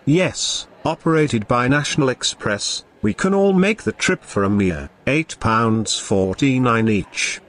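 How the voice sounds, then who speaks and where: A man voicing Grandolph, a grand, theatrical wizardly man who speaks in a slow, melodious old-fashioned way. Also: mid-range voice, lively intonation, fairly bright tone. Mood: reasoning.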